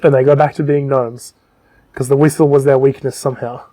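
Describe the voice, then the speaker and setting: A man's voice: medium pitch, flat delivery, a little fast, mellow. A man co-hosting a casual podcast, loosely retelling a book's plot with lots of ums and swearing. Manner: loose and rambling, frequent ums and profanity. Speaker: podcast co-host.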